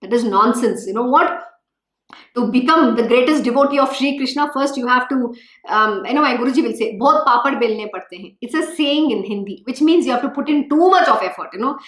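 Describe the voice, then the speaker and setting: A woman's voice: high voice, brisk, fairly bright tone, roomy sound. A woman giving an emphatic, scolding devotional talk as a spiritual teacher, full of rhetorical questions.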